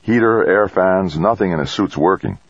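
A man's voice: low voice, normal speed, husky, no echo, highs cut off, pitched above the performer's own voice. A man voicing a stranded male astronaut who sounds tense but in control. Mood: tense, controlled. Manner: terse, calm under pressure.

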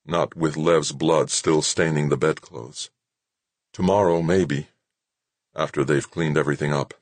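A man narrating an audiobook in a steady, measured reading style. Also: very deep voice, no room sound. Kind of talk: scripted narration.

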